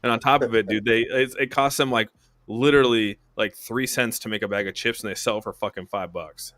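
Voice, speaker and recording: Male podcast host, mid-pitched, foul-mouthed and animated, dry close mic. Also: brisk, dry recording. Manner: profane, animated storytelling. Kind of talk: casual chat.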